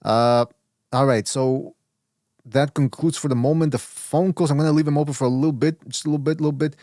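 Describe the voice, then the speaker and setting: A man's voice: fairly high pitch, fairly even intonation, brisk, mellow, no echo, studio quality. A man hosting a boxing podcast in casual chat, rambling with many restarts. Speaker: podcast host.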